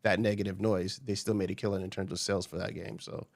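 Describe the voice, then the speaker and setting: Rambling American man, low and dry. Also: level tone, fast talker, gravelly, no room sound. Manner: rambling, full of restarts. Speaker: podcast host. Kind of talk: casual podcast chat.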